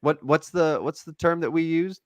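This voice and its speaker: A man's voice: a little high, normal speed, dry recording. A man co-hosting a casual sports podcast, rambling and joking as he talks baseball and reads the show plugs. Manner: rambling, jokey, animated sign-off. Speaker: podcast co-host.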